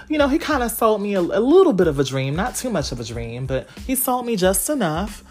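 A woman's voice: mid-range voice, big pitch swings, a little fast, hardly any pauses, a little mellow, soft background music. A young woman hosting a podcast, talking candidly and explicitly in casual slang and speaking straight to her listeners. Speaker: podcast host.

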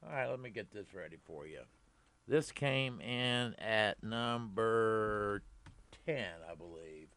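Slow, even-voiced male radio co-host. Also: fairly low pitch, no room sound. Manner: counting down a list methodically. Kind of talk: casual radio chat.

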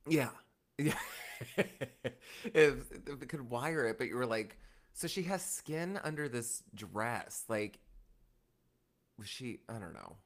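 A man co-hosting a podcast in casual chat, animated and quick with laughs and asides. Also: mid-range voice. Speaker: podcast co-host.

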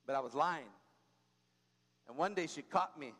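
A man delivering a sermon in a high, light voice, talking to the congregation like a friend and telling stories with humor. He keeps prompting the room with quick asides. His voice trails off into a long reverb from a large church space. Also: fairly bright tone. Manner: conversational preaching, frequent "come on" and "right?"; tells personal stories with humor. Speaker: pastor.

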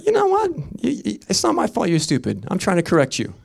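A man's voice: a little high, sing-song, fast, vocal fry, husky. A middle-aged man preaching a fervent sermon as pastor, telling stories between declarations.

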